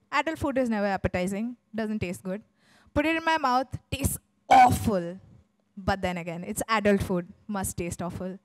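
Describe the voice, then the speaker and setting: A woman tells a comic story on stage, animated and full of dramatic pauses. Her voice sits fairly high, and the sound is dry and close. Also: no room sound, poor audio.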